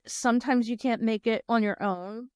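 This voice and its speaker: Chatty woman with a smooth voice. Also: a little high, steady tone, moderate pace, a little mellow, no echo, studio quality. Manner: chatty, laughing, many fillers. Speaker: podcast co-host. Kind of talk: casual chat.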